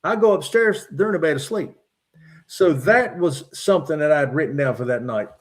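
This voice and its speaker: Middle-aged virginia guy, kinda high voice, reads his notes out matter-of-fact, lots of uh's. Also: animated. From West Virginia. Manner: measured, matter-of-fact retelling with frequent "uh" fillers. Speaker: podcast guest, former state trooper. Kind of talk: recounting personal encounters from notes.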